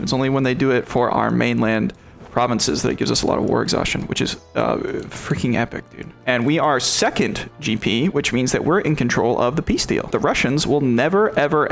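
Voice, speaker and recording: Man, gravelly voice, casual game commentary, jokey and irreverent, faint music behind. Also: mid-range voice. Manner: joking, irreverent, laughs often. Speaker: gameplay commentator.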